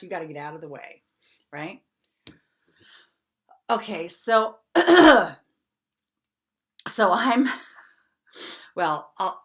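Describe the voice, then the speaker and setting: A middle-aged woman with a lowish voice hosts a podcast, telling a personal story in a lively, chatty way. She laughs often and checks in with her listeners.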